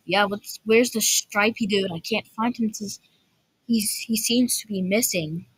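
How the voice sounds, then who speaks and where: A woman reacting to videos in a husky, slightly breathy voice, often cutting in with short bursts of disbelief. She talks at an unhurried, drawn-out pace, and the sound is dry and close, with almost no room echo. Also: medium pitch. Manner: incredulous, quick outbursts of disbelief. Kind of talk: casual reaction commentary.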